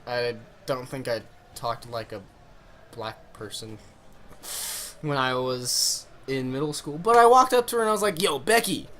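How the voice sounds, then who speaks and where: A man's voice: mid-range voice, unhurried, a bit bright, slight background noise. A young man casually telling a funny story on his vlog, rambling and swearing as he goes. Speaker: vlogger.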